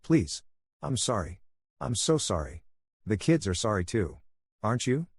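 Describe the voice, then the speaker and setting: A man's voice: on the low side, sing-song, breathy edge, dry recording, clean studio sound, exaggerated voice. A man voicing a desperate middle-aged woman who begs and pleads through tears in a spoken story. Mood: pleading. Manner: begging, tearful, rushed.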